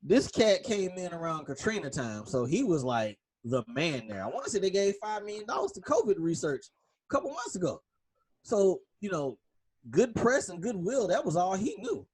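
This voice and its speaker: Podcast co-host, male, higher pitch, lively and husky, punchy emphasis. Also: moderate pace. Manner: emphatic, animated, drops into low tones for emphasis. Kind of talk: casual sports talk.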